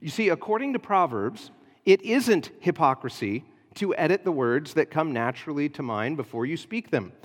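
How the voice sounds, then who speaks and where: A pastor preaching a sermon, explaining a passage in an earnest teaching manner with frequent hesitations. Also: male voice, a little high, lively intonation, normal speed, in a large hall.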